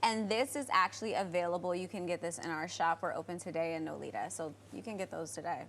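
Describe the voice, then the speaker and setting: A woman's voice: fairly low pitch, quick pace, fairly bright tone, slight background noise. A woman interviewed as a guest on a live TV morning show, speaking eagerly and upbeat about her business from the studio set. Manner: upbeat, eager promotional talk.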